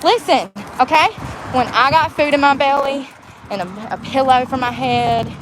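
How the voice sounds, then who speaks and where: Woman vlogger, blunt and foul-mouthed, mouthy rant on a phone camera, fairly high voice, street noise behind. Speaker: homeless vlogger. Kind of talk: ranting vlog. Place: outdoors and in a car. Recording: outdoor street and traffic noise.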